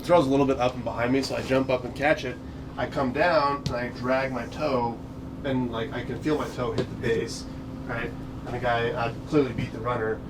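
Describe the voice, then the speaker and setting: A man's voice: medium pitch, fairly even intonation. A man, a guest in a casual chat, telling a story wryly, swearing and acting out the other people in it. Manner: quick, wry, swears, acts out the other people in his story. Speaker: guest, pitcher. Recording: far from mic with faint noise.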